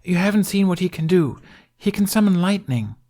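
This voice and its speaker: A man reading fan fiction aloud, voicing an earnest, excitable young boy in a high, urgent voice. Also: moderate pace. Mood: excited.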